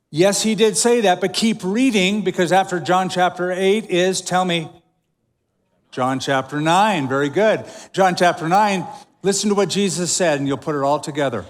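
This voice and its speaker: A man preaching a sermon as pastor, emphatic, with dramatic pauses, in a large church auditorium. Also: on the high side. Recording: long hall reverb.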